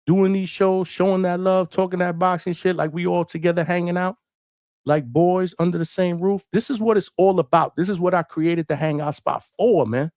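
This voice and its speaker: A man's voice: high voice, fairly even intonation, moderate pace, darkish tone, no room sound, clean studio sound. Laid-back, profane male stream host. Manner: laid-back, profane, fills lines with "man" and "bro". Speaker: host of a boxing call-in show. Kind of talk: casual live-stream monologue.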